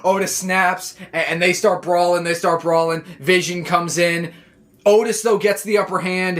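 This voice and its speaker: A man recapping a wrestling show in a casual, excitable, rambling way, full of "like" and restarts. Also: sits high, moderate pace. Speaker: wrestling reaction vlogger.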